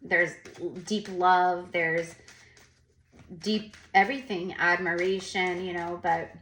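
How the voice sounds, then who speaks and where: Slow and lowish, this tarot reader's voice comes with a faint hiss or hum in the background. She keeps the reading casual, wandering and circling back over the same points as she channels, with lively asides along the way.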